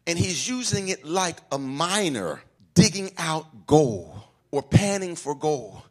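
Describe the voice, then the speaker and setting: A male pastor preaching in a church, swinging from shouts to hushed asides and calling for responses. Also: sits high, husky. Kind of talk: call-and-response sermon.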